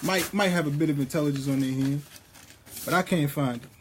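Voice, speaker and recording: A man with a high-pitched voice delivers a rambling spiritual monologue. He talks in a preachy, profane, street-casual way. When he quotes scripture, he slows down and reads each line deliberately. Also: a little hiss or hum. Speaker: vlogger.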